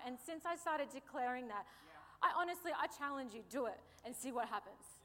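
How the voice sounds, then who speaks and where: A young woman delivers a sermon in a slightly high voice, lively and playful, breaking off for jokes and calls for an amen. Her words ring out with the long reverb of a big hall. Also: fairly quick. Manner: lively, joking asides, calls for amens. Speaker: preacher.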